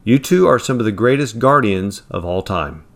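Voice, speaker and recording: Man reading a calm graying gentleman, confident, firm, measured, storybook figure. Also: lowish voice, creaky.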